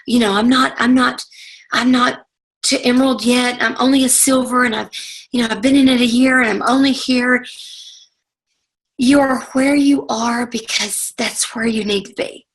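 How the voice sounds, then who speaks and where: Earnest woman in her forties, gravelly. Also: a little high, a bit bright, rough recording. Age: 40s. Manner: earnest and heartfelt, addressing listeners directly. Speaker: motivational speaker. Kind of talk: personal story talk to an audience.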